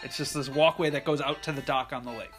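A man's voice: mid-range voice, steady tone, fast, fairly bright tone, faint music behind. A man casually telling a rambling, profane story and laughing often. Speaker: podcast host telling a story.

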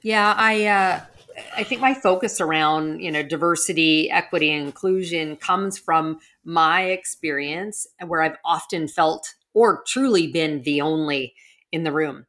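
A woman's voice: sits low, measured pace, fairly bright tone. A middle-aged woman, a podcast guest, speaking earnestly and reflectively about her life in an interview, with frequent restarts. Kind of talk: interview conversation.

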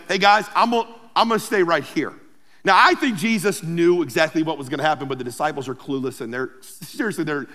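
A pastor preaching a sermon, telling the story in a humorous, lively way with playful asides. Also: male voice, a little high. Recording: long hall reverb.

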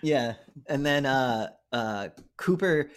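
Young male podcast co-host, middle pitch, casual and profane, lively scene-by-scene movie recaps. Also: slow pace, clear, resonant tone. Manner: profane, animated retelling with acted-out lines.

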